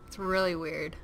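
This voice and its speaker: A woman giving casual let's-play commentary on a horror game, excitable and given to shrieking and swearing at the screen. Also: lowish voice, background noise. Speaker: gamer playing a horror game.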